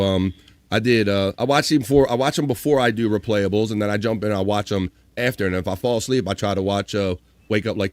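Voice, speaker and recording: A man's voice: on the low side, no echo. A man hosting a live stream, recapping in a rambling, casual way with fillers. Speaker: host.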